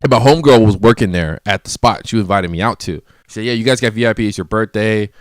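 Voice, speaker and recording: A man's voice: lowish voice, quick pace, no echo, clean studio sound. A man telling a party story in casual chat, acting out quotes and laughing often. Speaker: guest.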